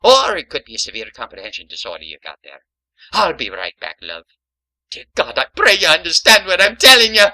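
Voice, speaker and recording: A woman playing a lively young Irish maid, with a put-on Irish brogue and a teasing, sing-song delivery. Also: low-pitched, a little fast, full character voice, rough recording. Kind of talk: stage comedy acting.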